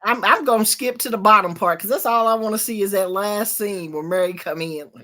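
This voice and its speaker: A woman's voice: medium pitch, fairly quick. A woman, telling a TV episode's plot in casual chat and acting out the quotes. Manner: animated storytelling, acts out quotes, swears freely. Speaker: host.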